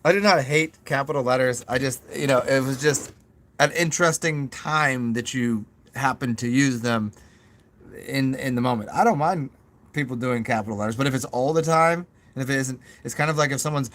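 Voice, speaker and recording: A man hosting his own channel, talking through thoughts in a loose live chat, halting with fillers and restarts and tossing in goofy self-mocking asides. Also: medium pitch, fairly bright tone. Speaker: channel host. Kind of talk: rambling live chat with viewers.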